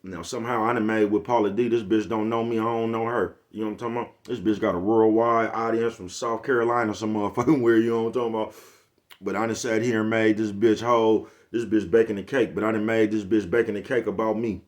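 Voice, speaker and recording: A man's voice: fairly low pitch, steady tone, fast talker. A man talking casually to his viewers in a slangy, laid-back rant, often checking in with "you get what I'm saying". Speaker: channel host. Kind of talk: casual vlog monologue.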